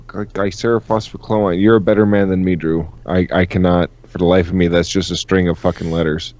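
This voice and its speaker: A man's voice: low voice, level tone, brisk, a little mellow, highs cut off. A man co-hosting a casual comedy podcast, joking around and tripping over long words. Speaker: podcast co-host.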